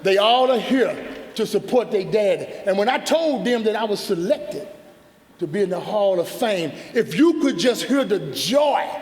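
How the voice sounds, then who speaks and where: Guy in his 50s, high voice, folksy emphatic speech at a podium, echoey hall. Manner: emphatic, folksy, repeats phrases. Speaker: hall of fame inductee. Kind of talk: acceptance speech. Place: large banquet hall with audience. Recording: echoey hall, audience faint.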